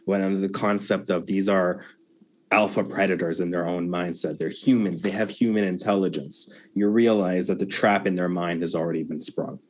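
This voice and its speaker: A man who is the game master of a tabletop game, describing scenes in a slow, measured way. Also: sits low, fairly even intonation, a little mellow.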